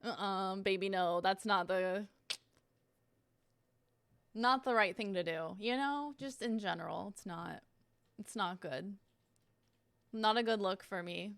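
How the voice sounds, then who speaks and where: A young woman talks casually on a home live stream. She rambles and giggles, and she often teases herself. Her voice sits at an ordinary pitch, and the sound is dry and close with no room echo. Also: slow, long pauses, a bit bright, clean tone. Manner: giggly, rambling, self-deprecating.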